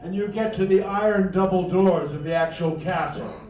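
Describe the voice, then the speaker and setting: A man telling a second-person fantasy story at a cafe open mic. He talks slowly and dramatically, swinging between hushed and loud. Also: sits high. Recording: echoey room, far mic, dull, music behind.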